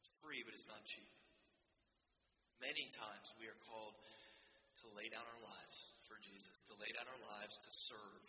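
A man's voice: on the low side, steady tone, moderate pace, sharp tone, slight background noise. A man preaching a sermon in an earnest way, often restarting his sentences and building emphasis as he goes. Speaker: pastor. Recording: roomy hall with long reverb.

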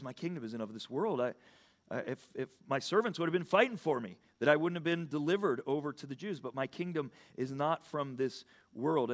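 Here a pastor preaches with earnest intent, though his delivery halts and he keeps restarting sentences. His voice sits in the mid range.

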